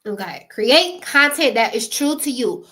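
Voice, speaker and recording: A YouTuber giving creator advice talks straight to camera in a loose, casual motivational vlog. Her slightly high voice rings bright and forward, animated and conversational at a measured pace. She laughs easily and calls her audience "y'all".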